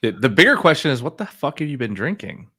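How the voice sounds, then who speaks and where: A man's voice: medium pitch, sing-song, fast, pushed and bright, breathy edge. A man on a casual livestream podcast, chiming in with short wry remarks. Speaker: podcast co-host.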